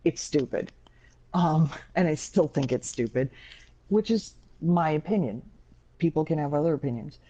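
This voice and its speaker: Woman podcast co-host, mellow voice, blunt and profane, lo-fi recording. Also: sits low, moderate pace, slightly rough. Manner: candid, blunt and profane storytelling. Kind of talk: casual podcast chat. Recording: dull lo-fi sound.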